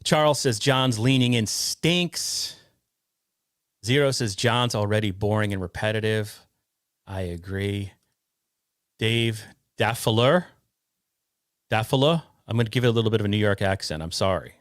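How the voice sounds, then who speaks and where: A man hosting a casual podcast, reading out chat comments in a halting, rambling way. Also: fairly low pitch, no echo, studio quality. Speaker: podcast host.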